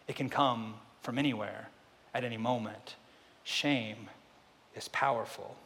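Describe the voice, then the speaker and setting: Man preaching in an echoey hall. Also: medium pitch. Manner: swings from hushed to loud, repeated rhetorical questions. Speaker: pastor. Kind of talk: sermon. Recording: reverberant hall.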